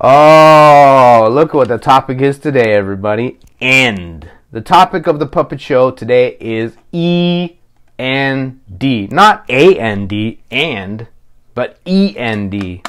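A man's voice: mid-range voice, slow pace, fairly bright tone, clean tone. A man hosting a children's puppet show, explaining each step to young viewers in a friendly way. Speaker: puppeteer host.

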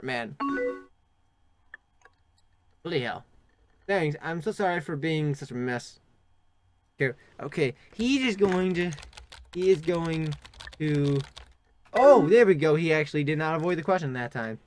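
A young man with a somewhat high voice talks through a game he is playing, reading its lines aloud and tossing in sarcastic, crude jokes. Faint keyboard typing and clicks sit behind his commentary. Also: animated, moderate pace, pauses often, a little mellow, a little hiss or hum. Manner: joking, crude asides, sarcastic. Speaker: gaming channel host.

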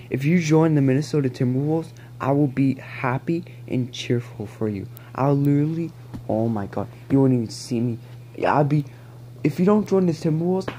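A man ranting excitedly to camera at home, pleading and rambling as he begs and repeats himself. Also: medium pitch, slight background noise. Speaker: vlogger. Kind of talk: excited fan rant to camera. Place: at home, near a balcony.

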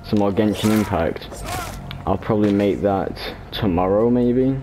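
A chatty man doing casual game commentary, rambling and joking as he plays. His voice is lowish and mellow. A faint hum of ambience sits behind him at the desk mic. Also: measured pace. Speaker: gamer. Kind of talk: casual let's play commentary. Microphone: desk microphone.

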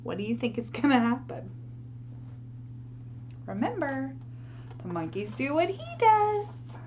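A woman reading a picture book aloud to children, animated and asking her listeners questions. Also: sits high, a little slow, highs cut off, slight background noise. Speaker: storyteller for children.

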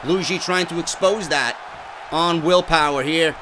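Shouty, profane man calling game wrestling. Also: a little high, a little slow, a crowd in the background, noisy background. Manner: excitable, profane, frequently shouting. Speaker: gameplay commentator. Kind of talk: wrestling play-by-play over gameplay.

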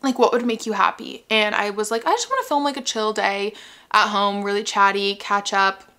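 A woman's voice: mid-range voice, level tone, normal speed, bright, forceful tone. A young woman from Canada chatting casually in a home vlog, full of "like" and "um", a little out of breath. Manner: chatty, lots of fillers like "like" and "um". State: a bit out of breath. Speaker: vlogger.

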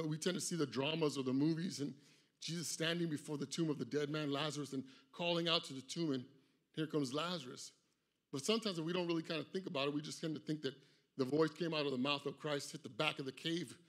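A man preaching a funeral sermon in a church, swinging from loud, dramatic retellings to soft, low words for the grieving family. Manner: impassioned, rising loud for quoted voices, dropping soft and low for the grieving. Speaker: pastor.

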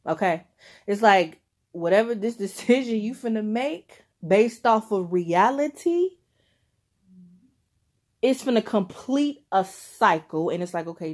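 A woman's voice: mid-range voice, darkish tone. A young adult woman giving a casual tarot reading to her viewers, swearing freely and laughing often as she talks straight to the listener. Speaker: tarot reader.

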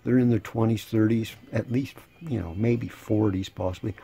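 A man's voice: lowish voice, normal speed, creaky, hardly any pauses, mellow, breathy edge. A man in his sixties casually reading chat messages aloud, with dry sarcastic asides and a rambling way of talking. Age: 60s. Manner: rambling, repeats and restarts words. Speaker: channel host.

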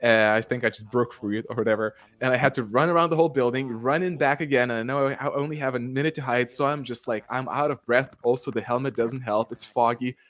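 A man hosting a casual livestream chat, telling stories excitedly and laughing often. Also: medium pitch, quick pace, hardly any pauses. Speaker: show creator and host.

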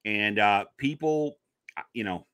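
Speaking a little slowly in a low, clear and resonant voice with no echo, a man shares a personal story as a podcast guest. He investigates the paranormal, and he brings his tale to life by acting out each voice he quotes.

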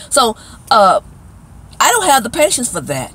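A woman's voice: mid-range voice, very animated, fairly quick, fairly bright tone, slight background noise, rough recording. Emphatic woman host scolding her viewers. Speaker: commentary channel host. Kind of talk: casual spoken commentary.

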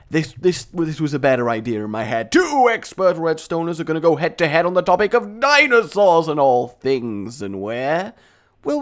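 A jokey man hosting Minecraft commentary, with a higher voice that rises and falls a lot. He teases himself, laughs at his own jokes and takes his time. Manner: playful, jokey, self-mocking, animated. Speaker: gaming video host.

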